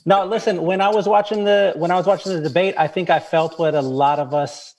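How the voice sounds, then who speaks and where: A man's voice: high-pitched, normal speed, darkish tone, poor audio. Give me a frank, joking, swearing man. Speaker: writer guest. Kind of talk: casual panel discussion.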